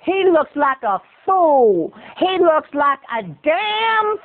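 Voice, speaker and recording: A woman's voice: sits high, very animated, pitched above the performer's own voice, heavily acted. A man doing a blunt, scornful businesswoman. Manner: blunt, scornful, slow and emphatic. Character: sharp-tongued businesswoman in a suit, blunt and scornful. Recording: tinny phone-like sound.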